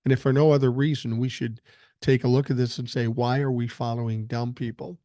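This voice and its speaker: A man's voice: medium pitch, level tone, brisk, dark tone, dry recording, clean studio sound. An older man hosting a podcast, reading listener emails aloud and answering them bluntly with plenty of swearing, still getting over a cold. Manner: blunt, profane, opinionated. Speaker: podcast host.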